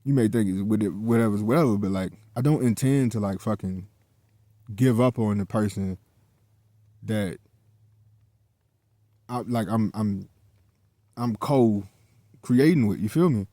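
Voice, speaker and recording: A man's voice: on the low side, a little slow, pauses often, mellow, no echo. A man telling a personal story in a casual, heated monologue, swearing often and repeating himself as he goes.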